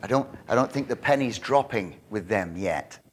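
A man preaching a sermon, animated and emphatic, with frequent restarts. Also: on the low side, normal speed, slight background noise. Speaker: pastor.

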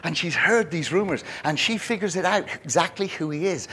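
A man delivering a sermon in an animated, emphatic way. His voice sits a bit higher than most men's, and he keeps stopping and restarting to press a point. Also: a little fast, slight background noise. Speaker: pastor.

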